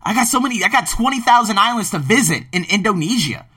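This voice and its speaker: A man's voice: high voice, animated, fast talker, pushed and bright, no room sound, far from the mic. A man from Philadelphia, hosting a podcast in an emphatic, casual monologue that carries some swearing. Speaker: podcast host and ESL teacher.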